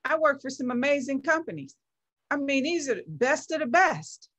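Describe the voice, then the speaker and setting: A woman's voice: high voice, big pitch swings, normal speed, a bit bright. A middle-aged woman talking as an interview guest, giving a passionate motivational talk and stressing her points by repeating phrases. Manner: emphatic, builds phrases by repetition. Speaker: guest, founder of a women's movement.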